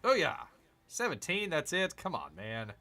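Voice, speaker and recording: Gaming host, male. Bright voice, unhurried, musing aloud over each move of a strategy game. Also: on the high side, big pitch swings. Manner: chatty, talks to himself, cheers and groans at the game. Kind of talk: casual strategy game commentary.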